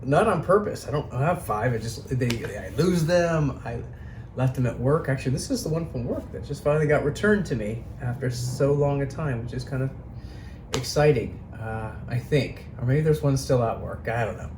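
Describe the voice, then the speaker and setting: A man's voice: medium pitch, lively intonation, moderate pace, a little mellow. A man vlogging casually from a hotel room, rambling and musing aloud, easily amazed by the view. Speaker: travel vlogger. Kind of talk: casual chat to camera. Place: hotel room by an open window. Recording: faint city noise behind.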